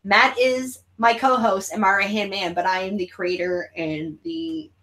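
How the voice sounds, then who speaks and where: A woman's voice: medium pitch, steady tone, unhurried, fairly bright tone. A woman hosting a casual watch-along chat, giggly and crude, with frequent laughter. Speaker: channel host.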